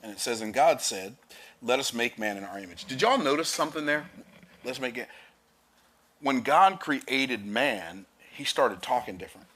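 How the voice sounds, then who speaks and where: A man's voice: medium pitch, expressive, moderate pace, pushed and bright, breathy edge. A man preaching a sermon, reading scripture aloud and explaining it with emphatic, rising declarations.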